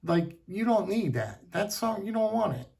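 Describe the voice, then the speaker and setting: A snippy mother brushes off her son's pleading in a quick, scolding voice, as a man puts her on. The pitch sits high, with a gravelly edge left over from the performer's own voice. She sounds fed up and impatient. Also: big pitch swings, a little mellow, recorded from a distance, exaggerated voice. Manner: scolding, exasperated.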